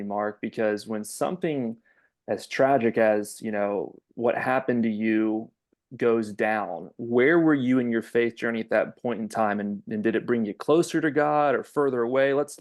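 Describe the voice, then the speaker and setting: Man hosting a relaxed interview. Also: fairly low pitch. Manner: relaxed, repeats words, asks open questions. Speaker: podcast host. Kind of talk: conversational interview.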